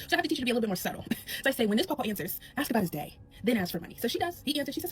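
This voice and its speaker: A woman telling a comic story about her daughter in a lively, quick way. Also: high voice, soft background music. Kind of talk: storytelling clip.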